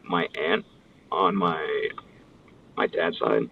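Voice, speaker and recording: Over a distant, phone-like connection with slight background noise, a pro wrestler speaks slowly in a deep, creaky voice. As an interview guest, he tells stories in a relaxed way and performs what others said with lively impressions.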